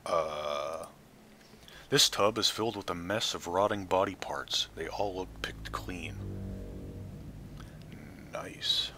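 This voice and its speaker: A man's voice: low voice, takes it slowly, pauses often, sharp tone, a little hiss or hum. A man hosting a let's play, reading game text aloud with dry, offhand asides. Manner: dry, offhand asides between read passages. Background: faint game music.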